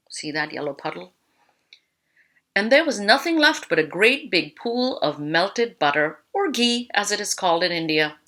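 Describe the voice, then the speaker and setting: Woman teacher for a kindergarten read-aloud, lively pitch, bright tone. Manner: animated, lively storytelling.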